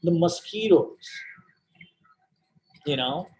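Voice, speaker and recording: Man telling a dramatic story, slow. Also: on the high side, expressive, darkish tone, slight background noise. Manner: dramatic, emphatic repetition. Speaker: guest speaker. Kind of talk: personal storytelling presentation. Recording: roomy event hall.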